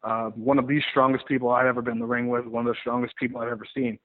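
A man who wrestles, telling stories in a rambling, animated way in a casual interview. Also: medium pitch, very fast. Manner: rambling, animated storyteller with many restarts. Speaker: pro wrestler guest. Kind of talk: casual interview over the phone. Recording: tinny phone line.

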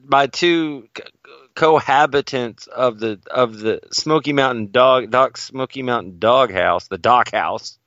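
A man with a mid-range voice co-hosts a casual podcast, rambling through stories with wry, deadpan jokes. The audio is dull and lo-fi, with a dry, close sound. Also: mid-range voice, a little slow, no room sound. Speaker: podcast co-host.

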